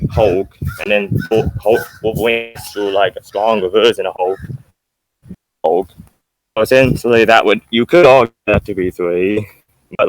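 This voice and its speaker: A man's voice: on the low side, a little hiss or hum, low-quality recording. A young man in a casual online debate, arguing back with questions and rambling points. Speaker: debate opponent.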